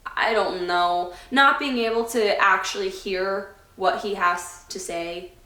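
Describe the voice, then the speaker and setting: A woman vlogger speaks to camera in a casual sit-down chat, heartfelt and a little scattered as she loses her thread. Her voice sits at an ordinary middle pitch, and an echoey room rings around it. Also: slow pace, pushed and bright. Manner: heartfelt, rambling, loses her train of thought. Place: indoor room away from her home.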